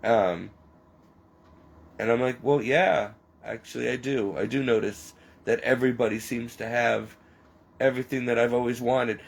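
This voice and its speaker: Gravelly-voiced man, halting and emotional. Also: mid-range voice, fairly even intonation, poor audio. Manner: rambling, halting and tearful. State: emotional, near tears. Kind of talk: emotional personal confession.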